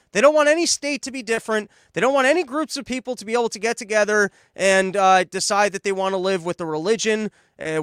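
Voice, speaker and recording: A man's voice: high voice, fairly bright tone, clean tone, no echo, clean studio sound. A man giving a sarcastic, profane political monologue and mocking others in put-on voices. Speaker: political commentator. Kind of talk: opinionated monologue.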